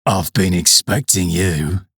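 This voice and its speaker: A man voicing a gruff, lazy, middle-aged male army stores boss with a slow, drawling manner and slangy grammar in a comic audiobook. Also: steady tone, a bit bright, no echo, clean studio sound, full character voice. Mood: lazy menace. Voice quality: gruff, low.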